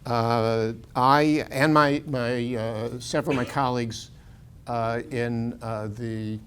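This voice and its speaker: A man's voice: medium pitch, steady tone, slow pace, a bit bright, smooth. An older American man lecturing as a university professor in a casual, digressive way, chuckling often and restarting his sentences. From United States.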